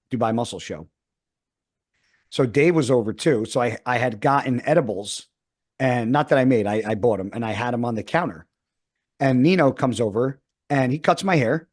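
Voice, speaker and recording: A man's voice: mid-range voice, normal speed. A man in his thirties, a podcast host, telling a rambling story in casual chat and swearing often.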